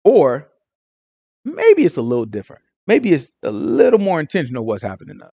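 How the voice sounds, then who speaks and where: A man teaching a Sabbath congregation, his fairly high voice leaping up and down as he fires off rhetorical questions. His delivery is loose and conversational, and the sound is close and dry with little room around it. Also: huge pitch swings, fairly quick, creaky, warm tone, slightly rough, no room sound, highs cut off.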